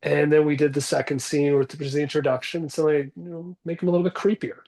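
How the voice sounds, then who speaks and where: This guest is an actor in his forties, chatting casually in an interview from his home bathroom and rambling self-deprecatingly about his acting career. His voice is on the high side, creaky and a little mellow, with a flat delivery at a quick pace.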